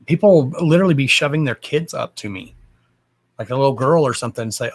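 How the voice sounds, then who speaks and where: A man's voice: medium pitch, expressive, quick pace. Blunt, profane man ranting. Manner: blunt and profane, swears freely; fired-up, emphatic. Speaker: livestream host. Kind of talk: casual livestream rant.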